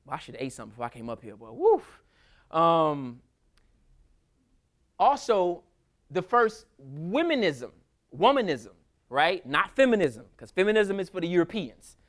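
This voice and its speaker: A man giving a casual history lecture at a school, telling stories in a lively, colloquial way. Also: on the high side, moderate pace, pauses often. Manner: animated, colloquial storytelling. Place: school hall with audience.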